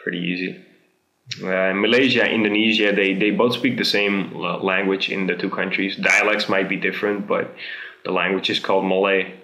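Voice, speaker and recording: Gravelly low-voiced Dutch man. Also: reverberant, low-quality recording. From Netherlands. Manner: chatty, relaxed, many "uh" pauses. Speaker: video host. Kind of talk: casual language tutorial.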